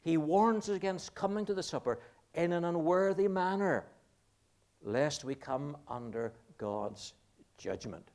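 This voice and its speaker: A middle-aged man preaching a sermon, slow and deliberate, drawing out key words for emphasis. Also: on the high side, expressive, darkish tone.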